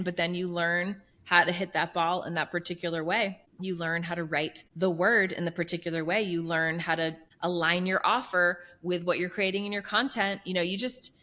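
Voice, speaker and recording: A woman in her thirties, a business coach, telling her story in an earnest, animated way with many fillers. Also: lowish voice. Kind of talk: conversational interview storytelling.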